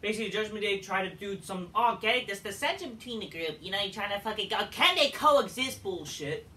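A man's voice: high voice, expressive, fast, pushed and bright, slight background noise. A man reviewing a wrestling show in a profane, exasperated, sarcastic rant. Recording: echoey room, distant mic.

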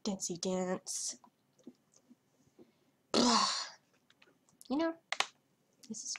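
A young woman chatters over her gameplay in a hyper, scattered way, trailing off and stumbling over her words. She speaks slowly and unhurriedly, and her voice sits at an ordinary pitch. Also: expressive, a bit bright, slightly rough. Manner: hyper and rambling, trailing off and stuttering. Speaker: gaming vlogger. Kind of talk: casual commentary over gameplay.

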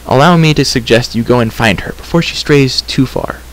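A man's voice: mid-range voice, fairly quick, slight background noise, close to an everyday voice, rough recording. A man voicing a chatty wandering bard who talks in a flowery, apologetic way, in a storybook reading. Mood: earnest. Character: chatty wandering male bard, flustered and wordy.

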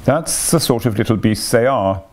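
A man's voice: mid-range voice, animated, moderate pace, darkish tone, lightly acted. A man voicing a sensible, earnest male water rat who speaks emphatically in a read-aloud storybook. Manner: emphatic, impressive.

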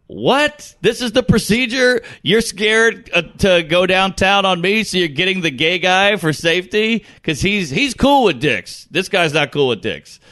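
A man's voice: high-pitched, animated, unhurried, few pauses, sharp tone. A man in casual podcast chat, telling a comic story and acting out the people in it.

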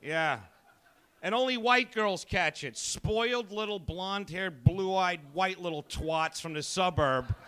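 A male comedian works a comedy club crowd with an abrasive, profane, needling delivery. His voice sits high and comes across bright and forceful. He picks fights with the audience as he goes. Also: measured pace, smooth. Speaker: stand-up comedian. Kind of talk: stand-up set.

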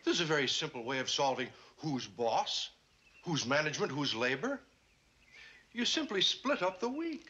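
An actor playing a polished city lawyer who talks persuasively to settle a dispute, on a dull old TV soundtrack. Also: male voice, on the high side, very animated, normal speed, bright, forceful tone, a little hiss or hum. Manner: smooth, persuasive speechmaking.

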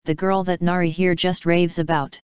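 A woman's voice: lowish voice, flat delivery, moderate pace, darkish tone, smooth, no echo, lo-fi sound, close to an everyday voice. A woman voicing a playful, theatrical male chaos creature, reading his lines in a storybook reading. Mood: teasing. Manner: playful, flamboyant, teasing. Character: ancient chaotic male spirit creature, theatrical.

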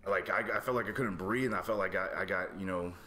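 A man with a very low voice telling a story in casual chat, rambling and full of likes. A faint background noise sits under his voice. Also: fast talker, pushed and bright.

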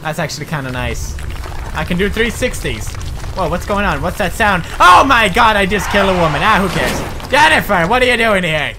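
A man's voice: sits high, animated, normal speed, over music. A man commenting on a horror game as he plays, nervous and joking, swearing as he goes. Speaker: gaming commentator. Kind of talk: let's play commentary.

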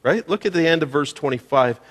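A man's voice: fairly high pitch, expressive, fairly quick, fairly bright tone. A male pastor preaching a sermon in a conversational way, asking the congregation questions as he goes. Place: church sanctuary. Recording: church hall reverb.

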